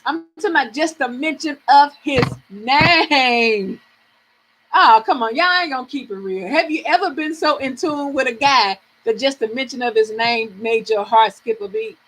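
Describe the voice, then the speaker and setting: Southern lady doing a live reading stream, high voice, blunt and animated, cusses and laughs a lot. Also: moderate pace, a little hiss or hum, poor audio. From American South. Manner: frank, animated, swearing freely, laughing often. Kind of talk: casual live-stream chat with viewers.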